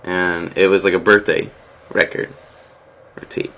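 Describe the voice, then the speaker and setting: Man, podcast co-host, joking banter, laughs a lot, rambling, lowish voice, bright tone. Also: flat delivery, unhurried. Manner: laughs often, playful, rambling.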